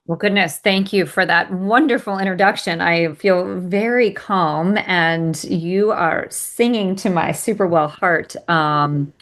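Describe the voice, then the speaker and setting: A woman guest on a wellness podcast answers in a relaxed, hesitant way, pausing with fillers. Her voice sits fairly low and she talks slowly. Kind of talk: casual interview chat.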